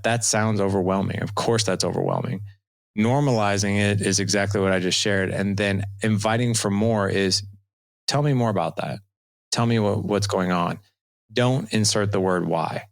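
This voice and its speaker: A man's voice: lowish voice, vocal fry, no room sound. A man in his forties, a dad coach guest on a podcast, chatting casually and acting out family conversations as he tells stories. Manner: animated storytelling, acts out dialogue. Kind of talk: casual interview talk.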